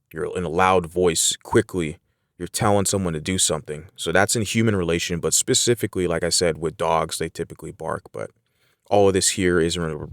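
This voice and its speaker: Deep-voiced man teaching an English lesson. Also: smooth, no room sound, studio quality. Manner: relaxed, explains with everyday examples, frequent fillers. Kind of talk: casual spoken lesson.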